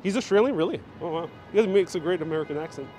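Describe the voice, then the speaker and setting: A man's voice: high voice, fast talker, a little mellow, faint music behind. A man hosting a live walking tour, joking as he reads out viewer comments while he walks through a city station. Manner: jokey, chatty, reacting to viewer comments. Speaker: host. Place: outdoors and in a busy city station. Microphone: handheld phone on gimbal.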